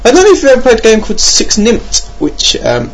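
Gravelly podcast host. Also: male voice, very high voice, wildly swooping pitch, fairly quick. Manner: rambling, self-mocking, many ums. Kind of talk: casual podcast monologue. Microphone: home computer mic.

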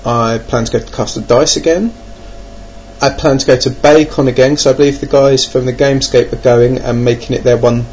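A man's voice: medium pitch, steady tone, fairly quick, darkish tone. An English man giving a rambling, self-mocking monologue about his gaming plans, with lots of hesitations. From England. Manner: wry, self-mocking, hesitant with many ums. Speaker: board game vlogger. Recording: dull lo-fi recording with faint noise.

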